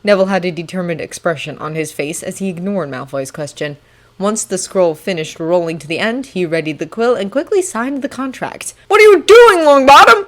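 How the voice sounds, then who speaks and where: A woman reading fanfiction aloud in a steady, even audiobook narration. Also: on the low side, brisk. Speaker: fanfiction reader.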